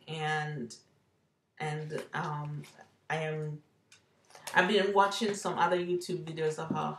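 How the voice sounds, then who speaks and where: A woman's voice: sits low, a little hiss or hum. A woman in her forties with a Jamaican accent, rambling candidly and self-deprecatingly through a personal vlog. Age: 40s. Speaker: lifestyle vlogger. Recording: echoey room.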